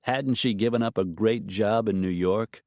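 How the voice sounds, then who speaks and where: A man's voice: fairly low pitch, normal speed, darkish tone, no echo, clean studio sound. A man narrating an audiobook romance in scripted storytelling style.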